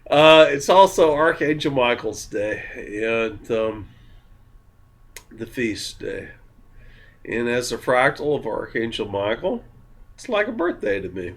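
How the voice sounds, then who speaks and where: A man who is drunk, talking in a slow, meandering, giggly way with many ums in a spiritual monologue to camera. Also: medium pitch, sing-song, fairly bright tone. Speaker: spiritual vlogger.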